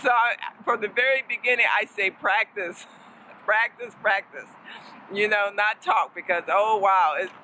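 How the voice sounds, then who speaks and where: A woman's voice: medium pitch, unhurried, pushed and bright, slight background noise, poor audio. A woman casually teaching a lesson as a fellow learner, chatty and playful, laughing often and slipping in Spanish words.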